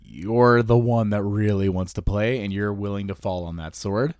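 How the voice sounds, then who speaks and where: Low-voiced man co-hosting a chatty podcast. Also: moderate pace, darkish tone, no room sound, studio quality. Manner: chatty, laughs between points. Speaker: podcast co-host. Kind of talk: casual chat.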